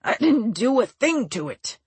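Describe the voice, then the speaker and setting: Lady narrator doing a big bald guy, husky, exasperated, dry close sound. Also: a little high, big pitch swings, unhurried, dry recording, voice pushed up, full character voice. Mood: defiant. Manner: blunt and exasperated. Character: huge bald gruff man, fed up. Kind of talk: audiobook character voice.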